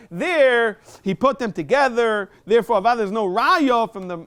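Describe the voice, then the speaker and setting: A man teaching a Talmud lesson in a synagogue, reading Aramaic text and explaining it in English with quick rhetorical questions. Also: high-pitched, a bit bright.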